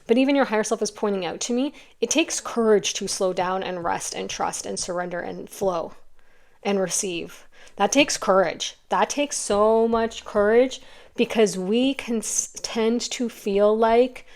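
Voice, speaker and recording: A middle-aged woman talks through a pick-a-card tarot reading. She is chatty and emotional, rambling as she goes. There is a gravelly fry running through her voice. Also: medium pitch, unhurried.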